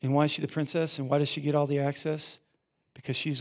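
A man who is a pastor, preaching a sermon with animated storytelling and then leading a quiet prayer in a church. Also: on the high side, quick pace, few pauses. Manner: animated storytelling, rising loud for emphasis, dropping soft in prayer. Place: church sanctuary.

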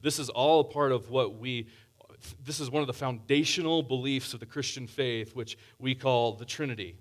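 Male pastor, mid-pitched voice, earnest conversational sermon with scripture readings. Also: normal speed.

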